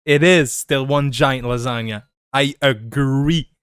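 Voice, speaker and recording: Hesitant man, smooth dry voice. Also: medium pitch, fairly bright tone, dry recording. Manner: halting, hesitant, lots of filler and swearing. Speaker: podcast co-host. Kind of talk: casual podcast banter.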